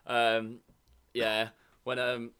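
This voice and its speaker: A man's voice: mid-range voice, monotone, drawn-out words, fairly bright tone. A man from England co-hosting a casual podcast, rambling with many ums and restarts. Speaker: podcast co-host. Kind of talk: casual banter.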